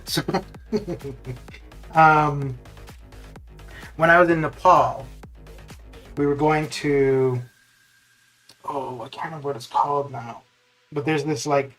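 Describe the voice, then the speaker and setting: A man with a slightly higher-than-usual voice chats loosely as he streams a game. He rambles, filling his talk with "like" and "um" and restarting his thoughts. Soft music plays faintly behind him. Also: slow, long pauses. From Canada. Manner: rambling, full of fillers and restarts. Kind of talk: casual chat while gaming live.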